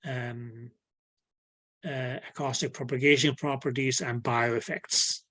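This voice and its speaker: A man teaching an online physics class, slowly and patiently, filling his speech with "okay" and making small grammar slips. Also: mid-range voice, fairly even intonation, bright, forceful tone. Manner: repeats "okay" as filler, non-native grammar slips. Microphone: video call.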